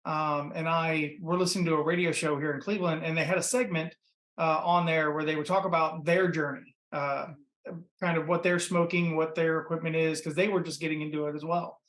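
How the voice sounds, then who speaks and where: A man from Ohio, a podcast guest and pitmaster, telling his story in a relaxed, rambling way full of fillers. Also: fairly high pitch, fairly quick, roomy sound. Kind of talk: casual interview storytelling. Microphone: computer mic.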